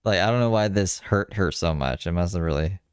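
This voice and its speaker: Deep-voiced guy reacting to a clip, sarcastic and scolding, dry sound. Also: brisk, smooth, dry recording. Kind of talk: reaction commentary.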